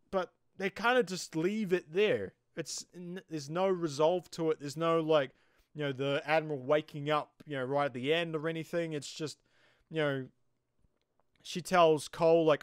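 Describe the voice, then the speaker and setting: A New Zealand-accented man talks through a TV episode in a loose, rambling way, leaning on fillers. His voice sits a little high and sounds smooth, and the recording is dry and close. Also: normal speed, no echo. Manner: rambling, loose, with many "you know" fillers. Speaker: TV show reviewer. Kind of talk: casual episode review.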